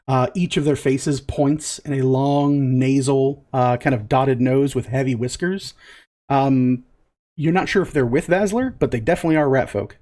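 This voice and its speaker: A man's voice: medium pitch, darkish tone. A man running a tabletop game as game master, describing scenes in loose narration full of fillers.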